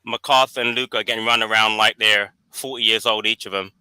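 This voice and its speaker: A man's voice: lowish voice, fairly even intonation, fairly quick, pushed and bright, clear, resonant tone, no echo, low-quality recording. A man joining a football watch-along as a guest, blunt and laughing in resignation. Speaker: guest caller. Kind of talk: casual watch-along chat.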